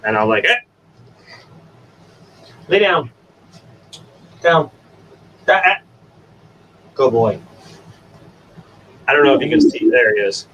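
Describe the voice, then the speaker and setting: A man hosting a casual stream and giving his dogs coaxing commands, jumping to high sing-song calls. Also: animated, slow, long pauses, a bit bright. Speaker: stream host. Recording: distant from the mic. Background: dogs, faint room noise.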